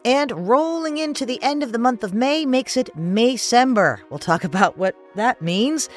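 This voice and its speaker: Lively woman hosting classical radio. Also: fairly high pitch, moderate pace, faint music behind. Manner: chatty, explanatory, lively delivery. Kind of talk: radio hosting, scripted announcing.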